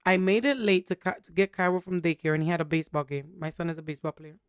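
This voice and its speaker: A woman's voice: lowish voice, fairly even intonation, quick pace, clear, resonant tone, no room sound, clean studio sound. A young woman co-hosting a podcast, telling a candid, rambling story full of fillers in casual chat. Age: young adult. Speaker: podcast co-host.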